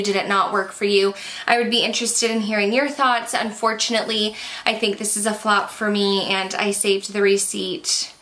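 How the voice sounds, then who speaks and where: A woman's voice: mid-range voice, bright, forceful tone. A young woman vlogging a casual makeup product review, chatty and candid, sounding slightly out of breath. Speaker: beauty vlogger.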